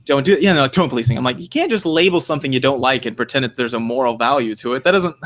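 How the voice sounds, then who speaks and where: A man's voice: medium pitch, expressive, racing, fairly bright tone. A man co-hosting a casual podcast discussion, rambling, swearing freely and acting out the arguments he quotes. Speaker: podcast co-host.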